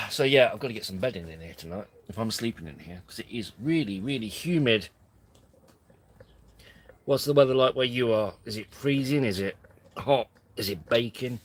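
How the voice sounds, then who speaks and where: A man's voice: medium pitch, moderate pace, poor audio. A man hosting a casual live stream from his tent, rambling and self-deprecating. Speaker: camping channel host. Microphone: camera on tripod.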